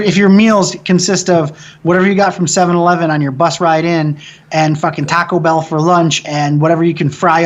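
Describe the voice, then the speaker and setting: A man from the American Midwest, a film director in an interview, telling a long story in a casual, profane, animated way with frequent restarts. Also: a little high.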